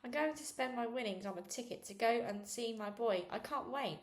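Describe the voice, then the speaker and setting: A woman's voice: fairly high pitch, a little fast, lightly acted. A woman voicing a chummy chip-van man. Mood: jovial. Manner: chummy, calls people sweetheart. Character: cheerful middle-aged male chip-van owner. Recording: echoey room.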